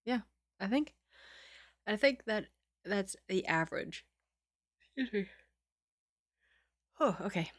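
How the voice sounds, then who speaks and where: A woman's voice: medium pitch, expressive, slow pace, pauses often, dry recording, studio quality. A woman hosting her own stream, reading a novel aloud and chatting between passages in a giggly, self-deprecating way. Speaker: story reader and streamer.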